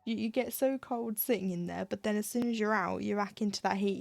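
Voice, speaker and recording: A woman's voice: mid-range voice, brisk, creaky, few pauses, darkish tone, faint music behind. A woman streaming her cross-stitching, chatting casually and ranting, laughing often as she talks at her desk. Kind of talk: casual chat while stitching.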